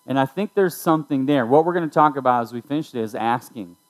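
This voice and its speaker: A man's voice: mid-range voice, fast talker, low-quality recording. A middle-aged man, a youth pastor, giving a conversational sermon to students, telling a family story and speaking directly to his listeners.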